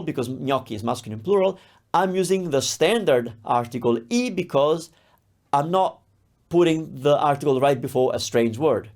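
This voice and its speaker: A man's voice: fairly high pitch, darkish tone. A man teaching a grammar lesson in a conversational, explanatory way. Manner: explanatory, conversational, with many examples. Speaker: language teacher. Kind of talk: online language lesson.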